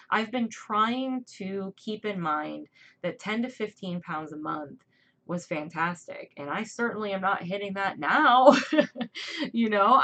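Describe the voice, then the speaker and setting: A woman's voice: medium pitch, a bit bright. A woman hosting her own livestream, chatting candidly and rambling with frequent ums and side notes. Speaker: channel host. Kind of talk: casual livestream chat.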